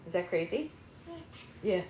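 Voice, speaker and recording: A woman's voice: fairly low pitch, lively intonation, unhurried, a little mellow, a little hiss or hum. A woman hosting a live book-club read-aloud at home, reading and chatting playfully with her toddler. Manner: playful, coaxing baby-talk. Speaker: book club host and mother. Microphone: phone livestream. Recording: roomy room echo.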